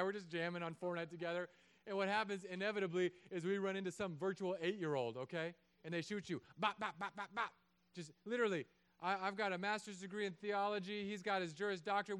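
A pastor in his thirties preaches with a high, smooth, resonant voice. He jokes and acts out little voices as he goes. The sermon is given in a church. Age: 30s. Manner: animated, joking, acts out voices.

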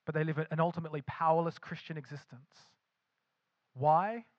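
Male pastor, sermon delivery, emphatic and repetitive, slightly high voice, dry muffled sound. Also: fairly even intonation, moderate pace, no room sound. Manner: acts out imagined voices of believers.

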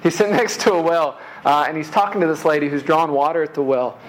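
Casual conversational preacher, fairly high voice. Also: male voice, fast talker, low-quality recording. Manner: casual conversational preaching, frequent "man" and "right?" asides; repeats words while restarting. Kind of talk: sermon.

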